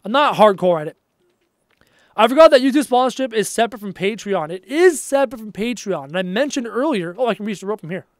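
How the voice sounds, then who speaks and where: A chatty young man from Canada talks his way through a live gaming stream, reading viewer messages aloud and answering them as he plays. His voice sits fairly high for a man, and the sound is close and dry, with little room in it. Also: expressive, fast talker, no echo. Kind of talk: casual live-stream chat while gaming.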